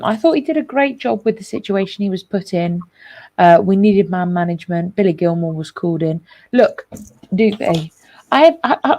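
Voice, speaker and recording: Rambling, jokey woman, mellow voice. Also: mid-range voice. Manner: rambling, jokey, lots of restarts. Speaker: co-host of a football reaction show. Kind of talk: casual football chat.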